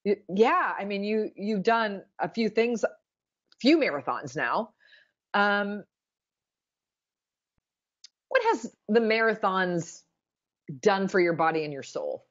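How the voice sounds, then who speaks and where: A woman hosts an interview show and asks her questions in an encouraging, gushing way. She speaks slowly, and her pitch swings widely. The recording sounds dull and lo-fi. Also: lively intonation. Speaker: radio interview host. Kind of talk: casual interview chat.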